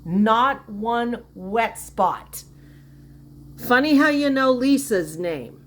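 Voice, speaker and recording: Woman commentator, mocking, incredulous, high-ish voice. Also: expressive, very slow, slight background noise. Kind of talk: sarcastic reaction commentary.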